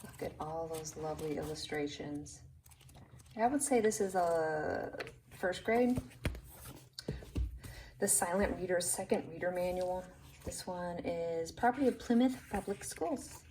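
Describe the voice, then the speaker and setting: A woman's voice: on the low side, a little slow, recorded from a distance, noisy background. A woman who sells vintage books, showing them one by one in a casual, chatty way and gushing over the illustrations. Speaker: vintage book seller. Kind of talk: casual show-and-tell.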